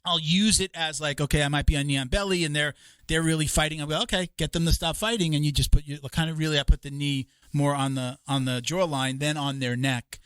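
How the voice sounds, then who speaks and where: Male host, 50s, slightly high voice, dry close mic; rambling chat with acted-out quotes. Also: brisk, clean tone, no room sound. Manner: animated storyteller, acts out quotes of others; rambling, many restarts. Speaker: podcast host. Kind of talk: casual chat.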